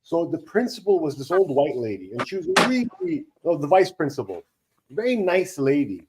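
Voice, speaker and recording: A man's voice: a little high, normal speed, very noisy. A man in his thirties telling long, rambling stories on a casual live co-stream, acting out the people he quotes. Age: 30s. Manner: rambling anecdotes, animated quoting of others. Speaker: co-stream host. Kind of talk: casual storytelling chat.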